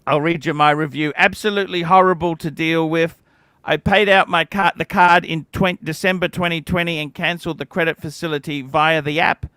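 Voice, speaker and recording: Grumpy livestream host, forties, sharp, clean tone, foul-mouthed ranting. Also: male voice, a little high, clear, resonant tone, dry recording. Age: 40s. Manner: profane, cantankerous ranting.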